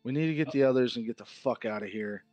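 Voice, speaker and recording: A man's voice: medium pitch, quick pace, darkish tone, no room sound, lo-fi sound, faint music behind. A man playing a tabletop role-playing game, talking bluntly in character and swearing often. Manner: blunt, profane, urgent. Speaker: player.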